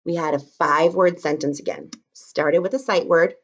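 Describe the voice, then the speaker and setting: A young woman teaching kindergarten remotely from home, speaking in a slow, encouraging, sing-song teacher voice and sounding words out. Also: low-pitched, fairly even intonation. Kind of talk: remote lesson for young children. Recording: dull lo-fi recording.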